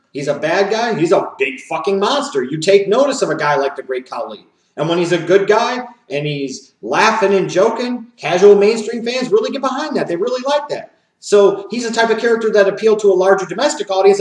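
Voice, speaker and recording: A man's voice: high-pitched, reverberant, far from the mic, rough recording. A man hosting a wrestling opinion show, delivering a profane, emphatic rant. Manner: profane, emphatic, rising to shouts on key points. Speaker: wrestling commentary host.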